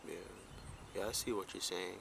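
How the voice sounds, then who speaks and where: A man's voice: deep voice, steady tone, moderate pace, creaky, fairly bright tone. A man hosting a casual podcast interview, asking questions hesitantly with many fillers. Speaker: podcast host.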